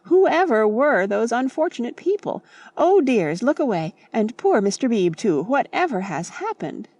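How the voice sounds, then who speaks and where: A woman's voice: on the high side, very animated, measured pace, darkish tone, dry recording, pitched above the performer's own voice. A woman voicing a fussy middle-aged mother who exclaims in a scandalised, raised voice in an audiobook.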